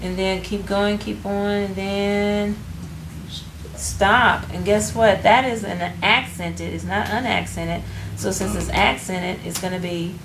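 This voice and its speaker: Teacher, woman, patient prompting, mid pitch, recorded far from the mic in a reverberant room. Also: steady tone, takes it slowly. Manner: patient, prompting students, restarting phrases. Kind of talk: classroom phonics lesson. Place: classroom. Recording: roomy, distant, faint background noise.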